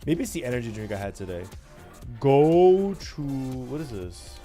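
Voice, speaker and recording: A man's voice: medium pitch, sing-song, a little slow, dark tone, faint music behind. A young man livestreaming, chatting casually and teasing his chat with playful mock rants.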